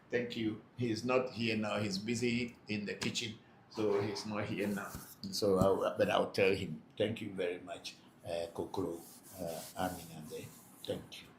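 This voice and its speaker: A man hosting a live question-and-answer session, reading out viewers' comments and explaining patiently with many hesitations. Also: lowish voice. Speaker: spiritual teacher hosting a live Q&A. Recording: echoey room with faint background noise.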